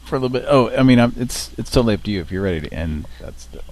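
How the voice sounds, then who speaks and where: A man's voice: medium pitch, animated, very fast, a little mellow. A man hosting a livestream in casual chat, laid-back and joking, trailing off with fillers. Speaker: livestream host.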